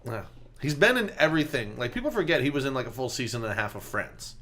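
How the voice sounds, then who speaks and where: A man's voice: medium pitch, lively intonation, fast talker, a bit bright. A young man co-hosting a podcast, dropping dry wisecracks in casual chat. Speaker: podcast co-host.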